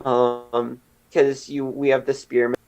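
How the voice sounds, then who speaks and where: A man's voice: medium pitch, flat delivery, slow, darkish tone, highs cut off, slight background noise. A man casually playing a cooperative card game with a friend, easygoing and a little hesitant.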